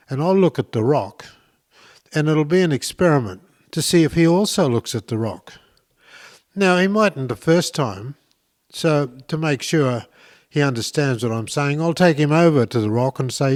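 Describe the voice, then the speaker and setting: A man's voice: fairly high pitch, lively intonation, normal speed, darkish tone. Enthusiastic rambling male host. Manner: enthusiastic, rambling with many fillers and restarts. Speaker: podcast host. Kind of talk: casual instructional talk.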